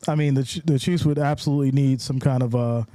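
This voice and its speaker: A man's voice: mid-range voice, steady tone, quick pace, dry recording. A man hosting a live reaction stream of a football game, calling plays, reading chat messages aloud and cheering with casual slang. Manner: hyped, shouting and cheering on big plays; reads viewer chat aloud.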